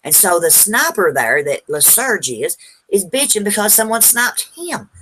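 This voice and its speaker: A woman's voice: mid-range voice, very animated, moderate pace, pushed and bright, slight background noise. A woman arguing bluntly in an online group chat, swearing freely and demanding answers. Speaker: participant in an online group hangout. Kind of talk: heated casual argument.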